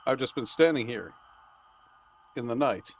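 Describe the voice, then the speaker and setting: A man streaming a video game live, chatting casually and rambling as he plays, swearing freely and laughing loudly at chat. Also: mid-range voice, animated, unhurried, vocal fry. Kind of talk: live gameplay commentary.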